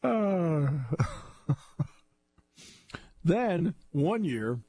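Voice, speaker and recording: A man hosting a sports talk radio show, chatting casually and telling animated stories with frequent laughter. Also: fairly high pitch, very slow. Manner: animated storyteller, laughs often.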